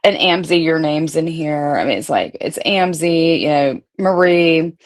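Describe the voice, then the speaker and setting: A woman's voice: low voice, lively intonation, a little slow. A woman in her thirties, a streamer, reading out old text messages in a blunt, profane, sarcastic rant. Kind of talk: casual ranting commentary.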